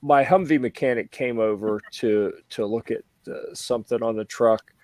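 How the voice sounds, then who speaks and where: Male podcast host, lively raconteur, dry close-mic sound, mid-pitched everyday voice. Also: normal speed, no echo. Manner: animated storyteller acting out quoted voices. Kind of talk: casual chat.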